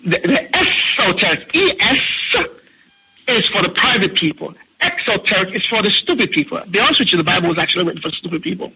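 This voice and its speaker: A man's voice: sits high, sing-song, fast talker, bright, forceful tone, husky, rough recording. A man with a Jamaican accent calling in to a talk show, scolding and mocking in a heated rant. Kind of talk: heated ranting monologue.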